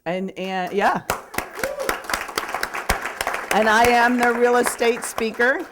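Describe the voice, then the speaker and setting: A woman's voice: on the high side, steady tone, a little slow, over a noisy crowd, very noisy. A woman who speaks as a real estate speaker, telling a story in a chatty, rambling way, correcting herself and filling gaps with little words. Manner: chatty, rambling, self-correcting with many fillers. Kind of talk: casual storytelling.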